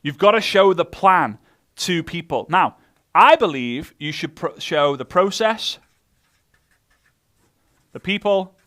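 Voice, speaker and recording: Man, slightly high voice, energetic motivational trainer who acts out the people he quotes. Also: slow, pauses often. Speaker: network marketing trainer. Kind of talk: motivational talk.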